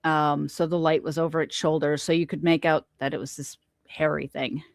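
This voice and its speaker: Animated woman telling a story, dry sound. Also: sits low, moderate pace, creaky, dry recording. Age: middle-aged. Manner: animated storyteller, acts out quoted lines. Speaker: podcast guest. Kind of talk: casual storytelling interview.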